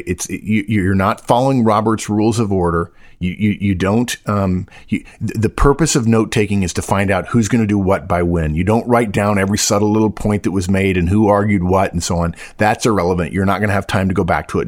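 Blunt, emphatic man with a deep voice. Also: a little fast, hardly any pauses, no room sound, studio quality. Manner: emphatic, blunt, repeats points for effect. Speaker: podcast co-host. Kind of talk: casual podcast chat.

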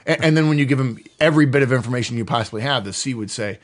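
A middle-aged man hosting a podcast, explaining in a casual, animated way and acting out quoted voices. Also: mid-range voice, rapid-fire. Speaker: podcast host.

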